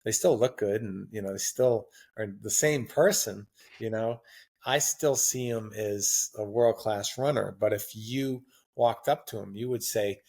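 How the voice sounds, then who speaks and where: Low-voiced man in his sixties, rambling. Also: measured pace, a little mellow, breathy edge. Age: 60s. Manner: rambling, anecdotal storytelling. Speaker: guest marathon runner. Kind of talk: casual interview chat.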